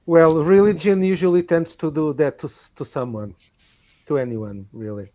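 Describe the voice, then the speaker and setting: Mellow-voiced man questioning in character. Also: fairly high pitch, normal speed. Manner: inquisitive, restarts questions. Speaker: player. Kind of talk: tabletop role-play, in character.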